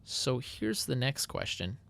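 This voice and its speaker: Animated, chatty man narrating gameplay. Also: mid-range voice, slow, creaky. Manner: chatty, self-mocking, playfully animated. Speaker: Minecraft YouTuber. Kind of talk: casual gameplay commentary.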